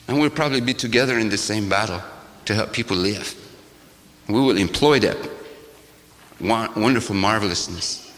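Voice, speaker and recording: An older man, a shaman, giving a sermon-like talk to a gathering in a church, with a rhythmic, repetitive cadence that swings from loud to hushed and wry, laughing asides. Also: on the low side, moderate pace, long pauses, slight background noise. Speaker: shaman speaker. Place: church hall. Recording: long hall reverb.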